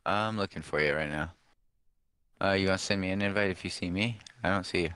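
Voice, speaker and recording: A young man gaming online with his buddies, talking into a headset. His voice is very low but bright and smooth. He keeps it relaxed, with plenty of dudes and bros. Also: a little fast. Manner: laid-back, says dude and bro a lot. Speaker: streamer. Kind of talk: casual gaming chat.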